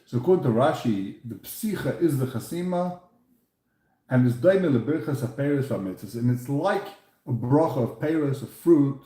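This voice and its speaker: A man's voice: mid-range voice, animated, normal speed, mellow, reverberant. A man teaching a Talmud lesson, asking questions and answering them himself, with Hebrew and Aramaic terms mixed into his English. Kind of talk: Talmud lecture.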